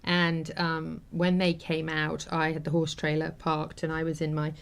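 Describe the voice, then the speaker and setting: A woman's voice: sits low, monotone, normal speed, gravelly, clean tone. A middle-aged woman hosting a talk show, telling an emotional story in an earnest, casual way with many fillers.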